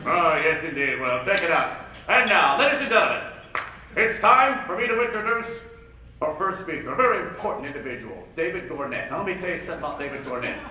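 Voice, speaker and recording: A man working as a comic emcee at a luncheon, firing off rapid jokes and slipping in and out of impressions. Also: fairly high pitch, lively intonation, pushed and bright. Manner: rapid-fire jokes and impressions, jumping in and out of voices. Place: luncheon event hall. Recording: echoey hall, far from the mic.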